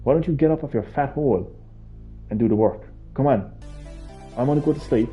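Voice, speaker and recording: In a muffled recording, a man streams a video game and talks fairly quickly at a medium pitch, often pausing. His casual live-stream chat turns into mock-outraged ranting and swearing, with faint game music behind him.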